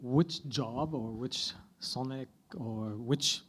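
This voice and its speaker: A man's voice: mid-range voice, takes it slowly, a bit bright, slightly rough. A man moderating a panel. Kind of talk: moderating a discussion.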